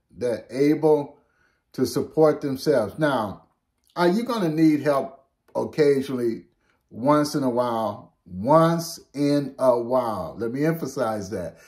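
An older man, a pastor, teaching a Bible lesson in a slow, conversational way, often checking in with "okay?". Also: medium pitch, darkish tone.

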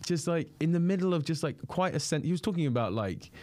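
A young man, a podcast guest telling a story in casual chat, animated and often laughing. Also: a little high, quick pace, no room sound.

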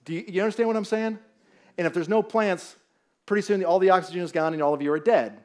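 A man with a notably high voice preaches to a church congregation, telling stories and joking with his listeners. He sounds middle-aged and speaks with lively, animated energy, and he is from Southern California. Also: quick pace. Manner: animated, storytelling, jokes with the audience. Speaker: guest pastor. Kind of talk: sermon with humor. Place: church sanctuary.

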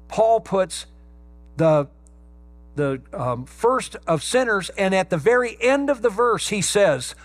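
A male pastor preaching a sermon, stressing key words slowly and emphatically. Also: high-pitched.

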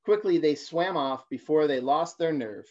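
A man in his forties, a guest reader, reading a children's picture book on a livestream, halting at times with fillers and restarts. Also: fairly high pitch, darkish tone. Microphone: phone or laptop for a livestream. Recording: dull lo-fi livestream audio.

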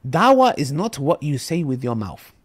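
A man, a podcast guest who tells lively stories and acts out the voices in them. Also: fairly high pitch, normal speed, husky. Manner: animated storyteller, acts out quotes.

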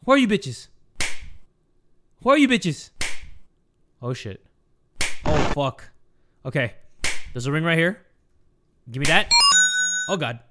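A man giving excitable let's-play commentary, shouting and swearing at the game. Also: a little high, slow pace, long pauses, noisy background. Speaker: gaming YouTuber.

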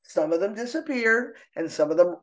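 A middle-aged woman speaking as a podcast guest, expressive and emotional, laughing often as she talks. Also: medium pitch, moderate pace. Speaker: podcast guest, artist and author. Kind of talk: casual conversational interview. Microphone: own microphone.

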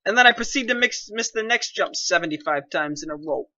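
Young man, high, piercing voice, excitable and self-mocking gameplay commentary, dry dull lo-fi sound. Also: normal speed, no room sound. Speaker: gaming commentator.

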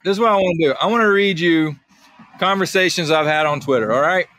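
A man on a podcast as a guest, telling a story in a lively way, acting out both sides of an exchange and laughing often. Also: a little high, quick pace, music in the background. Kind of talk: casual podcast conversation.

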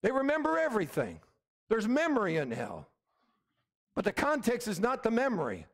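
A middle-aged male pastor delivers an emphatic sermon in a very high voice. His pitch swings widely and stays lively, and he keeps asking the room for an "Amen?". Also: moderate pace. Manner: emphatic preaching, repeated calls of "Amen?".

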